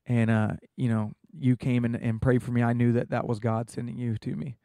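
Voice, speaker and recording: A man's voice: mid-range voice, level tone, fairly quick, mellow, dry recording, studio quality. A young American man in a casual interview, earnestly telling a personal story with many fillers. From United States. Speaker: guest.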